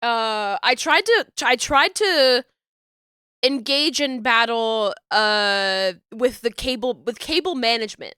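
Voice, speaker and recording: A woman's voice: a little high, takes it slowly, bright, forceful tone, clear, resonant tone, dry recording, clean studio sound. A woman streaming from her home desk setup, chatting casually with viewers, stuffy and congested, laughing often.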